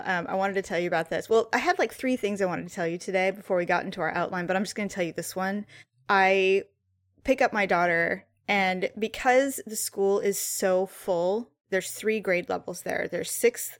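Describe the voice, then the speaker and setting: A middle-aged woman co-hosting a podcast in casual chat, with a husky morning voice and a chatty, rambling manner. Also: mid-range voice, moderate pace, no room sound, studio quality. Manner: chatty and rambling, laughs often. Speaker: podcast co-host.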